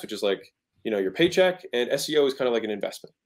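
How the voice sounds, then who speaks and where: A man's voice: medium pitch, lively intonation, fast talker. Guy on an interview podcast breaking down sales, emphatic, keeps saying right?. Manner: acts out tones of voice to make points. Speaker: guest entrepreneur. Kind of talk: casual interview, teaching sales.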